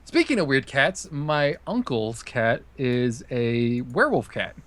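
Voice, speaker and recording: A man's voice: mid-range voice, sing-song, slow, a bit bright, dry recording. A man chatting casually as a guest player, easygoing and laughing between remarks. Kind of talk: casual chat while gaming.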